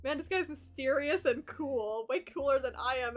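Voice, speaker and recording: A young woman streaming a dating game, reading it aloud with excitable, laughing, swearing asides. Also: high voice, normal speed. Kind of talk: live-stream gameplay commentary.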